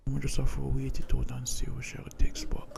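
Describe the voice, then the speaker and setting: A man's voice: medium pitch, completely flat delivery, vocal fry, whispered. A man voicing a jealous, touchy young Jamaican man in a cartoon, talking in patois and bickering. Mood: fretful. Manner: patois-heavy, accusing, quick to bicker. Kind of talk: cartoon voice acting.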